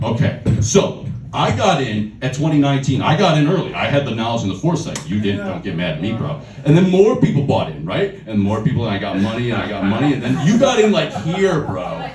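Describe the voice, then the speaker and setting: A man's voice: on the high side, darkish tone, pitched above the performer's own voice. A man doing a fired-up crypto bro. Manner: fired-up, insistent, repeats "bro". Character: pushy male crypto-hustler friend, aggressive bro. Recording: roomy club sound from a distance.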